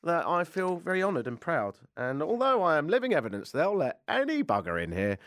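A man's voice: medium pitch, fairly bright tone, dry recording. A British man in his forties hosting a radio show, chatting in a rambling, self-mocking way. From Britain. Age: 40s. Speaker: radio host. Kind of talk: casual radio monologue.

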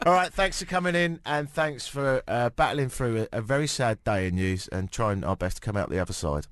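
A man's voice: medium pitch, moderate pace, dry recording, studio quality. A man with a British accent hosting a radio talk show, telling stories in a playful, teasing way. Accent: British English. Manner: playful, teasing, animated storytelling. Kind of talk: casual radio chat. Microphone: studio mic.

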